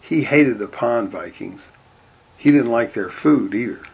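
A man reading a storybook aloud in a steady, deadpan way. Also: mid-range voice, a little slow, gravelly, slightly rough. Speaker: narrator.

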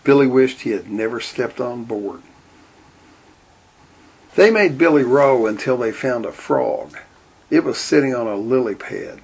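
A man reading a storybook aloud in a steady, deadpan way. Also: mid-range voice, a little slow, creaky, pauses often, slightly rough. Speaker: narrator.

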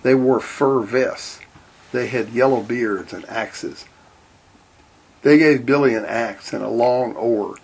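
A man reading a storybook aloud in a steady, deadpan way. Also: medium pitch, slow, creaky, breathy edge. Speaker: narrator.

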